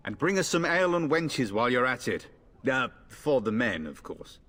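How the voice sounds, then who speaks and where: A man's voice: mid-range voice, sing-song, moderate pace, fairly bright tone, long reverb tail. A man voicing a cocky young noble warrior with a breezy, joking manner. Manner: jokey, breezy bravado.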